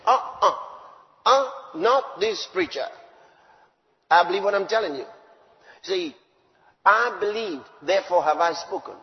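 A man preaching a sermon, emphatic, swinging between loud declarations and low asides. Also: expressive, normal speed, long pauses, in a large hall, dull audio.

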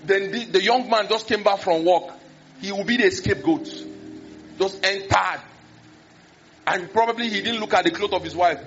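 Man preaching, high voice, dull lo-fi sound, faint music behind. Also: moderate pace, pauses often. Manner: animated, acts out scenes, exclamations. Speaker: pastor. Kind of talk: sermon. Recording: dull lo-fi recording.

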